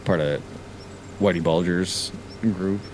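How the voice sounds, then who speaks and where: A man's voice: deep voice, fairly even intonation, slow, darkish tone, slight background noise. A man in his thirties chatting casually while gaming, with dry, easygoing banter.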